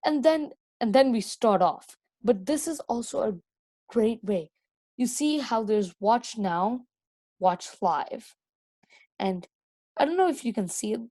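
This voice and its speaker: A woman's voice: a little high, expressive, measured pace, warm tone, no echo. Rambling woman teaching code. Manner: rambling, many fillers and self-corrections. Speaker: coding tutor. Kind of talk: casual screen-recorded coding lesson.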